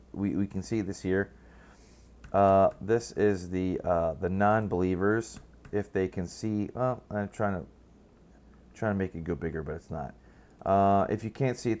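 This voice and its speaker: A man's voice: deep voice, darkish tone. A man giving casual, rambling political commentary, blunt and profane, full of fillers and restarts.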